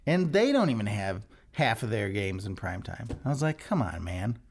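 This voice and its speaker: A middle-aged man, a host, telling a casual, humorous story in a chatty, animated way, with exasperated asides. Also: on the low side, normal speed, slight background noise. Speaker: pastor and video host.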